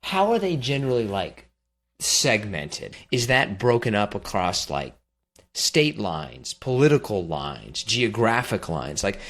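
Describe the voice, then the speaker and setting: Male host from the Midwest, lowish voice, curious and casual. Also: fairly bright tone. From Midwest, Kansas. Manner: casual, curious, many "like" fillers. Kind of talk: casual interview questions.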